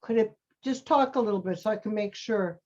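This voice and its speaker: This acting teacher's voice is mid-range and darkish, and she talks fairly quickly. She's coaching students in an online class over a video call with dull lo-fi sound, cheering them on with "sweetie" and "honey."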